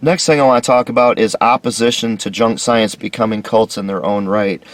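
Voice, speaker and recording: A man's voice: on the low side, steady tone, brisk, dry recording. A man hosting a solo commentary lecture, talking with sarcastic, mocking emphasis. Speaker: video series host.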